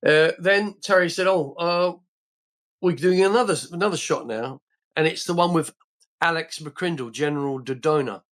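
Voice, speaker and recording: A man's voice: on the high side, normal speed, fairly bright tone. An older man from England, a podcast guest telling rambling anecdotes in a casual way, full of restarts and fillers.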